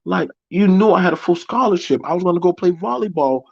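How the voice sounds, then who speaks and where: A man voicing an upset young woman pleading with her boyfriend, his pitch pushed up high. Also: expressive, quick pace, creaky, husky, dry recording, muffled recording, heavily acted. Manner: pleading, rising and insistent.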